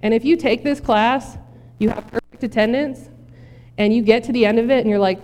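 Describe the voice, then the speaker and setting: A woman pastor preaching in a casual, joking way and speaking straight to her congregation. Her voice sits a little high. The sound rings out with a long reverb from a church sanctuary. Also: a little fast, pauses often, a little mellow, a little hiss or hum. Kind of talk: sermon.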